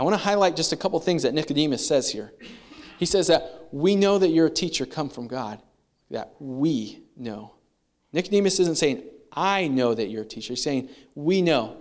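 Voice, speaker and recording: A man preaching a sermon as pastor, conversational and animated, with asides to the congregation. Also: fairly high pitch.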